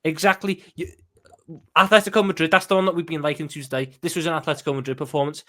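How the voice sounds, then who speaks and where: A man's voice: on the high side, fairly even intonation, fast talker, pushed and bright. A man giving an emphatic post-match reaction as a football fan pundit, often stumbling and restarting his sentences.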